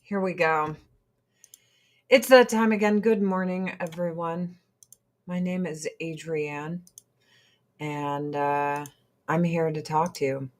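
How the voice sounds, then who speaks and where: A woman's voice: sits low, slow, pauses often. A middle-aged woman chatting casually to camera as a vlogger, laughing often.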